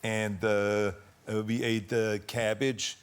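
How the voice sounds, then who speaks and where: Halting male chat show guest. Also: on the low side, level tone, clean tone. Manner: halting, with many fillers.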